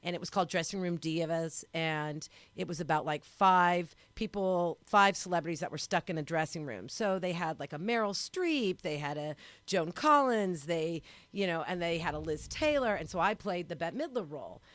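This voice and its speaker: A woman comedian telling a story as a talk show guest, swinging between hushed asides and loud outbursts. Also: on the low side, lively intonation, moderate pace, hardly any pauses, no room sound. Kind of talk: animated storytelling.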